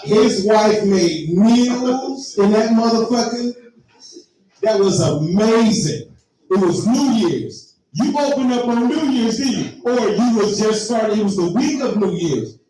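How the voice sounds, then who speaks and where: A man's voice: high-pitched, expressive, measured pace. A man telling a profane story in a stand-up comedy set, talking straight to the crowd. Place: live comedy venue. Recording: echoey room, heard from far off.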